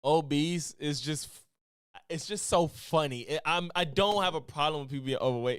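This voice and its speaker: A man's voice: a little high, normal speed, clean tone, no echo, clean studio sound. Exasperated man ranting in casual reaction talk. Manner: animated, exasperated ranting with slang. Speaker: stream host reacting to news.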